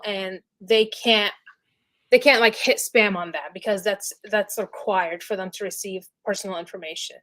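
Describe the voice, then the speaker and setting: A woman guest on a podcast, explaining things in a casual, chatty way full of "like" and "you know". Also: mid-range voice. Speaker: podcast guest, email deliverability specialist. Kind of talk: casual interview chat.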